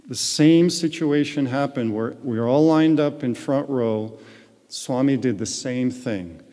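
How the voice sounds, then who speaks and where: Slow, mellow-voiced man telling his testimony. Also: mid-range voice. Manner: earnest storytelling. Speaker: guest speaker. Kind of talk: personal spiritual testimony. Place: large retreat hall. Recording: long echo of a large hall.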